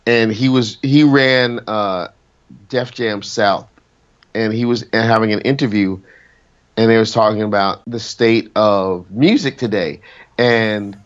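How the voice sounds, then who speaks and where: A man's voice: fairly low pitch, fairly even intonation, slow pace, dull audio. A man, a singer as interview guest, talking casually and rambling with many restarts and fillers.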